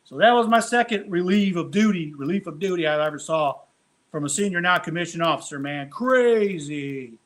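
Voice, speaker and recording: This is a man with a notably high speaking voice, spinning an army tale on a podcast. He tells it with animated, salty energy, dropping "man" and a curse here and there as he goes. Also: moderate pace. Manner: animated, profane, peppers speech with "man". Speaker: retired army first sergeant guest. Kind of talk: casual storytelling on a podcast.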